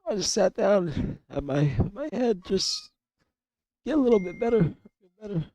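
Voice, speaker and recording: Hoarse male streamer, voice cracking high. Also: big pitch swings, a little slow, warm tone, no room sound. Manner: coarse, rambling, swears a lot, repeats himself. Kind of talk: casual live-stream chat.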